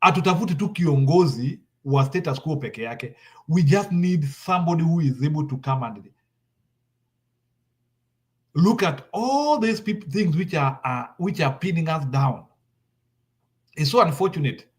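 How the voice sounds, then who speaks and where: A Kenyan man arguing politics with urgency and sitting a touch high in his range. He drives his points in through repetition, trips into restarts and moves back and forth between English and Swahili. The delivery stays forceful and persistent. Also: lively intonation, measured pace, long pauses. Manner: insistent, repeats points, switches into Swahili. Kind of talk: heated political talk.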